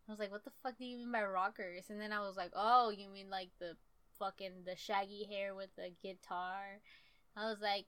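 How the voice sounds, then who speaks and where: A young woman casually telling a story from her childhood, animated and profane, laughing often. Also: mid-range voice, normal speed, clean tone.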